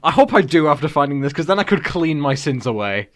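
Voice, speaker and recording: A man's voice: on the high side, big pitch swings, fast talker. A man chatting and joking on a casual podcast recorded over a computer call. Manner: joking, slips into pirate voices. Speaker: podcast co-host. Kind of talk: casual chat among friends. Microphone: computer mic, remote call.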